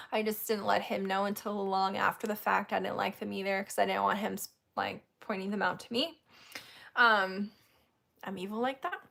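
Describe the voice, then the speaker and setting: A woman's voice: mid-range voice, steady tone, normal speed, gravelly, fairly bright tone. Woman, casual storytelling, laughs a lot, acts out quotes. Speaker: host.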